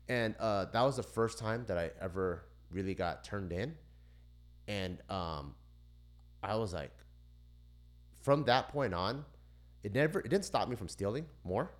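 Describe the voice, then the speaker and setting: A man on a casual podcast, telling a story in lively, profane fashion and acting out the people in it. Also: low voice, normal speed. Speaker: podcast co-host.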